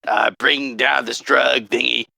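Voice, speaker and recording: A man's voice: medium pitch, steady tone, unhurried, gravelly, sharp tone. A man playing in a tabletop game, talking hesitantly with a lot of uhs. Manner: hesitant, full of fillers. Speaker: player. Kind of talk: casual tabletop role-play.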